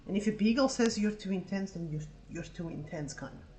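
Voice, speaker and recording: A woman's voice: medium pitch, a little fast, poor audio. Swearing, sarcastic woman telling a story. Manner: animated, profane, sarcastic anecdote telling. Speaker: livestreaming artist. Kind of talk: casual storytelling while drawing on stream.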